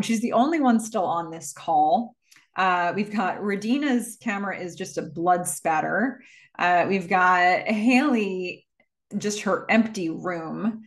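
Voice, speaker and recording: A woman's voice: on the low side, gravelly, fairly bright tone. A woman hosting a casual movie recap and telling the plot in a chatty way, with many fillers. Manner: chatty, filler-heavy storytelling.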